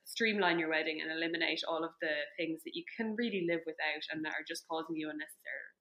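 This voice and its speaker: A woman's voice: deep voice, fast talker, bright, forceful tone. A woman guesting on a podcast, chatting in an easygoing, encouraging way. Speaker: podcast guest, co-host of a wedding podcast. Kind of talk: casual podcast chat. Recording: roomy echo.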